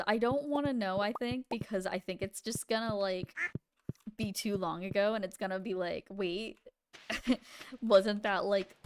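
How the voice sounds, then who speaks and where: A woman's voice: medium pitch, a little hiss or hum. A woman streaming a farming game live, chatting playfully, giggling and talking to herself as she plays. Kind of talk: casual live gameplay chat. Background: game music.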